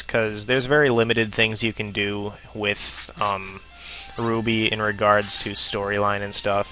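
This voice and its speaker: A man's voice: medium pitch, sharp tone, highs cut off. A man giving casual gameplay commentary, hesitant with lots of ums and self-corrections. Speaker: let's player.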